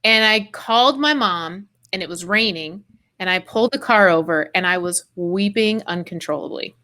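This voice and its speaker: A woman hosting a podcast, telling a personal story in animated casual chat with quick asides. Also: mid-range voice. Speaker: podcast host.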